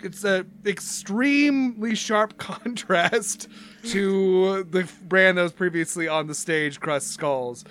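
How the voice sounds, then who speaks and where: A man narrating a tabletop game as game master, halting with many fillers. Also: high-pitched, fairly bright tone, a little hiss or hum.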